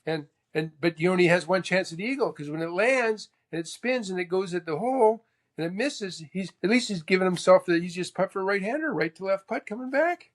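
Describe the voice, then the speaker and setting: A man from Canada, a former tour golfer, telling stories as a guest in a lively, casual way, acting out quotes with sudden exclamations. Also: high voice, fairly quick. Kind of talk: casual storytelling.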